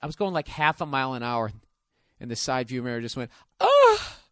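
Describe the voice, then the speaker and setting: A man's voice: medium pitch, quick pace, a bit bright, clear, resonant tone, no echo, studio quality. A man in his forties telling stories in a casual, profane, rambling monologue as a podcast host. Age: 40s.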